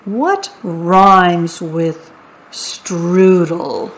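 A woman's voice: lowish voice, extremely slow. A woman reading aloud, voicing a hungry boastful male troll who chants rhymes and stammers when frightened. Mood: scheming. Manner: sing-song rhyming, stammering when scared.

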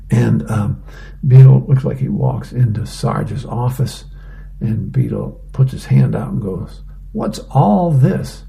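A man reading the newspaper aloud in a plain, unhurried way for a reading program. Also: mid-range voice, gravelly, warm tone.

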